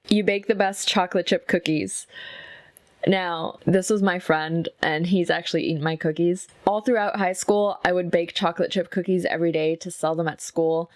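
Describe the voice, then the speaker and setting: Low-voiced young woman chatting candidly. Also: dry recording, studio quality. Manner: candid, chatty, swears freely. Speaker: makeup artist and vlogger. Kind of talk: casual chat. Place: at home. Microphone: close mic with soft, intimate pickup.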